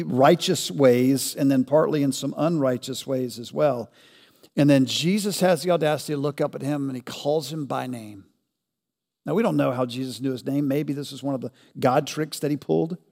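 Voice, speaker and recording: Gravelly preacher in a reverberant hall. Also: male voice, on the high side. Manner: rhetorical questions, rising to loud emphatic peaks. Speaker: pastor. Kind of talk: sermon.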